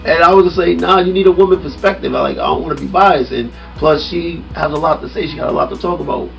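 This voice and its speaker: A man hosting a casual podcast chat, animated and laughing often, building his points with questions to his guest. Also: on the high side, quick pace, creaky, recorded from a distance, lo-fi sound, faint music behind. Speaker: podcast host. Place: studio room with a small audience.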